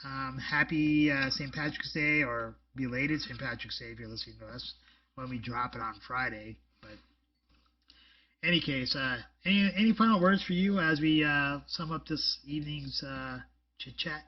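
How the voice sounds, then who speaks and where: A man's voice: mid-range voice, normal speed, recorded from a distance, dull audio. A man co-hosting a casual podcast chat, rambling with lots of fillers and blunt jokes. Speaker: podcast co-host.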